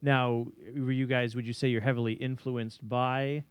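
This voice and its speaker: A man's voice: medium pitch, level tone, clean tone, no echo. A man guest-hosting a local radio music show, upbeat and encouraging as he interviews a band in the studio. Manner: upbeat, encouraging, quick to affirm. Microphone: studio microphone.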